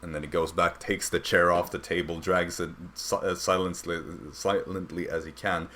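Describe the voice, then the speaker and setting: A young man narrating as dungeon master, rambling and halting with many fillers. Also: low-pitched, little pitch movement, pushed and bright. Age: young adult. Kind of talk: narrating a tabletop game.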